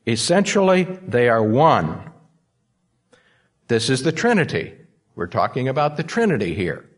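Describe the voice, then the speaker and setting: A man's voice: mid-range voice, big pitch swings, a little slow. A man preaching a sermon, stressing key words by repeating them. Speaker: pastor.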